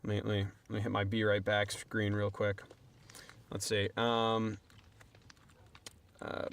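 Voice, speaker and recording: A man's voice: on the low side, measured pace, pauses often. A young man streaming a game, chatting casually and rambling to his viewers in a self-deprecating way. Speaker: livestreamer. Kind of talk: casual gameplay stream chat.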